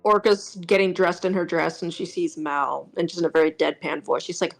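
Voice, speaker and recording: A woman's voice: lowish voice, brisk, creaky, soft background music. A woman playing a tabletop role-playing game, dryly describing what her character does. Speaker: player. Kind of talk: casual tabletop role-play.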